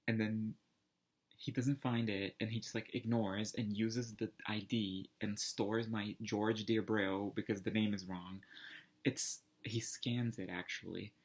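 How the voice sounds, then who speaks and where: A man casually telling a personal anecdote, rambling and animated, full of fillers and restarts. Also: fairly low pitch. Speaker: storyteller.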